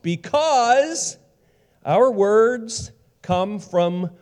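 Animated preacher with a mellow, warm voice. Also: male voice, moderate pace. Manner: animated, acts out quotes with big pitch jumps. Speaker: pastor. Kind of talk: sermon.

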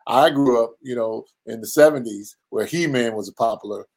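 A man's voice: medium pitch, normal speed, a little mellow, poor audio. A man in his fifties, a pastor and men's ministry leader, talking earnestly in an interview and acting out the people he quotes. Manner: earnest, preacherly, acts out quoted voices. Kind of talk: conversational interview.

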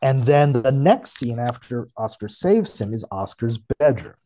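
A man co-hosting a podcast, casually thinking aloud about a show's script with halting restarts. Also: mid-range voice, lively intonation, mellow. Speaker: podcast co-host. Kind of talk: casual chat.

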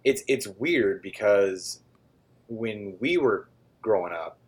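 Co-host, male, 40s, deep-toned, easygoing family man chatting casually. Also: expressive, slow pace. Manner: easygoing, agrees a lot with short yeps. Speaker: podcast co-host. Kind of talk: casual chat.

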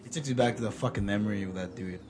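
Low-voiced blunt guy. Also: very fast, over music. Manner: blunt, profane, laid-back. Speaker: podcast co-host. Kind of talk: casual chat.

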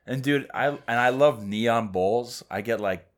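A man in casual podcast chat who teases his co-host and keeps the talk chatty. He says "dude" often, in a voice of middling pitch. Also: measured pace.

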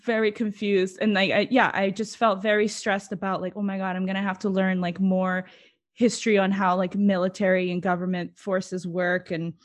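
A woman's voice: mid-range voice, flat delivery, normal speed. A woman chatting casually as co-host, telling a rambling story and laughing often. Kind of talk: casual chat.

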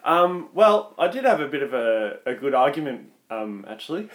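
A man's voice: mid-range voice, sing-song, moderate pace, a bit bright. A young Australian man, a podcast co-host, telling a rambling story in casual chat and laughing along. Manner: rambling, laughs through his own stories.

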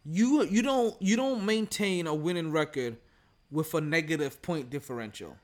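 High-voiced casual sports podcast host. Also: male voice, animated, moderate pace. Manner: loose, profane and chatty.

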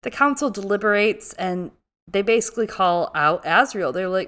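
Animated woman recapping a show. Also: on the low side, normal speed, clean tone. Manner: animated, acts out characters' lines in big voices. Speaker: podcast co-host. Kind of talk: casual chat, recapping a TV show.

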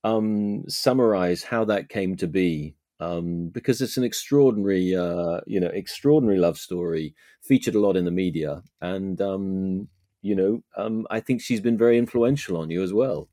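A man with a lowish voice hosts the interview, his questions halting and filled with restarts. The sound is dry and close. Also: mellow, no room sound. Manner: halting, hesitant, many fillers.

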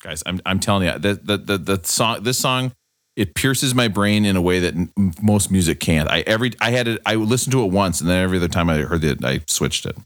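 A man co-hosting a podcast, joking sarcastically in quick banter. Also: low-pitched, animated, dry recording, studio quality. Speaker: podcast co-host. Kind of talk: casual chat.

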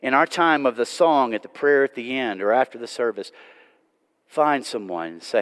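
A man's voice: mid-range voice, normal speed. Man, pastor giving a Sunday sermon, earnest pleading delivery, long church reverb. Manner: pleading, earnest, swings from loud to hushed. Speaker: preacher. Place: church sanctuary.

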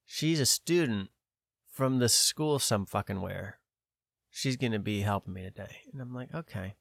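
A man's voice: fairly low pitch, moderate pace, creaky, fairly bright tone, dry recording, clean studio sound. A man on a podcast telling a long story in a casual way, quoting other people in his own voice and swearing now and then. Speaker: podcast host.

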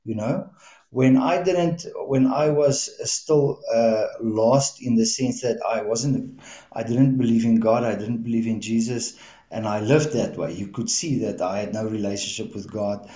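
A man with a warm, mellow voice teaches on a faith podcast, moving between plain explanation and stories from his own life. He hesitates often and fills the gaps with "uh" and "um". The sound carries a noticeable echo from the room. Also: mid-range voice. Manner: halting, many fillers and restarts, retells stories with quoted speech. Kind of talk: conversational teaching with storytelling.

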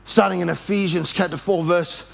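Gravelly, high-voiced pastor preaching. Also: male voice, moderate pace. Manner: animated storytelling, leads call-and-response with congregation. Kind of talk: sermon. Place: church service.

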